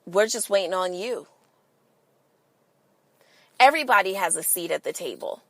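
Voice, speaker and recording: A woman's voice: a little high, no room sound. A woman hosting a podcast in a casual monologue, emphatic and swearing freely, firing rhetorical questions at listeners. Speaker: podcast host.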